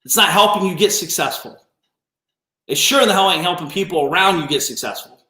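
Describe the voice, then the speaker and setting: On a business coaching livestream, a man tears into a commenter in a blunt, profane, confrontational rant, swearing freely and daring him to back up his claims. His voice is a bit high for a man, fairly quick and sharp, and the audio carries a clear room echo.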